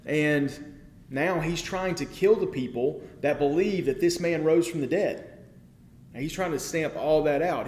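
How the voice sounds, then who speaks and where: A man's voice: medium pitch, darkish tone, roomy sound. A man preaching a sermon in a conversational way, often checking in with the listeners and building to emphatic peaks.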